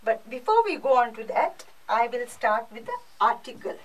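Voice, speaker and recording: A woman's voice: a little high, very animated, normal speed, distant mic, poor audio. A female French teacher with an Indian English accent, giving a recorded class lesson and explaining patiently with lots of repetition.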